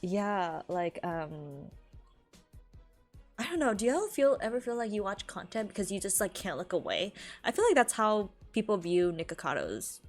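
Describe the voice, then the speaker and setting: A woman's voice: medium pitch, big pitch swings, normal speed, faint music behind. A young woman from California chatting casually on a live stream, rambling, laughing often and filling her talk with "like".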